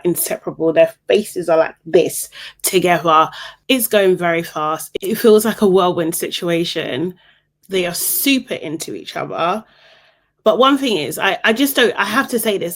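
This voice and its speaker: A young woman hosting a casual reality TV recap, sarcastic and exasperated, often laughing as she talks. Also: fairly low pitch.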